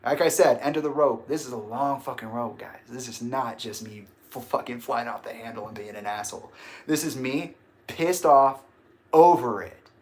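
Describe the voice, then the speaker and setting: A man venting on a livestream in a mid-pitched voice, swearing freely. He talks casually, then breaks into sudden loud shouts. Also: fairly even intonation, brisk, few pauses. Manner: profane and emphatic, with sudden bursts of shouting. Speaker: livestream host.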